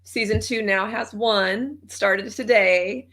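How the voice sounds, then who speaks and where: A woman guest in a podcast interview, upbeat and quick to laugh. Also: mid-range voice, steady tone, a bit bright. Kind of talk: conversational interview.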